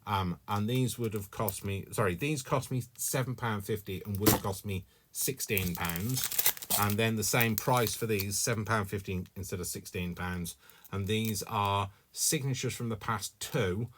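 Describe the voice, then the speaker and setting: A man's voice: on the low side, a little slow, fairly bright tone. A man hosting a casual craft haul vlog, talking to camera in a chatty, rambling way with many ums and self-mocking jokes. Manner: jokey, self-mocking humour. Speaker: craft vlogger.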